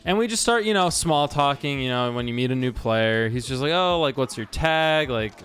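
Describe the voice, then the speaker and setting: Male streamer, mid pitch, chatty and meandering, light music under the voice. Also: a little fast, fairly bright tone, clear, resonant tone. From Washington state. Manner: rambling storyteller with frequent restarts and fillers. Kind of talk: casual stream chat while gaming.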